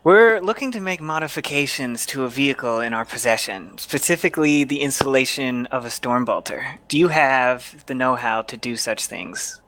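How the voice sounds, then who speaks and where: A man speaking in character at a tabletop game, formal and measured. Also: mid-range voice, animated, a bit bright, a little hiss or hum. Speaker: player.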